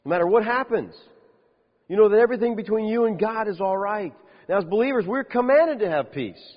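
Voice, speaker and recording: A man preaching a sermon as a pastor, lively, with rhetorical questions and dry humorous asides. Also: sits high, a little fast. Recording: dull lo-fi sound with long reverb.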